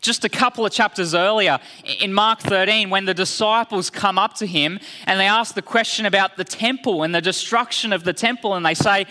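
Male preacher, bright high voice, unhurried solemn delivery, church hall. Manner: slow, deliberate preaching that drops low and quiet for solemn lines. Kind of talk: sermon. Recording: long hall reverb.

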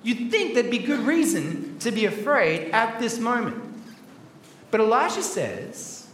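Man, high voice, kids' Bible talk, playful storyteller; echoey hall, faint background noise. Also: sing-song, a little slow, fairly bright tone, distant mic. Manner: playful and chatty, acting out the story. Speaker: children's Bible talk presenter. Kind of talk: lively children's Bible talk.

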